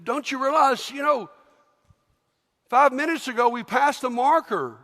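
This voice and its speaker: A bossy Roman soldier barks orders in a high, loud voice, as a preacher acts him out. His shouts ring through a large church hall with a long reverb trail. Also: normal speed. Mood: surprised.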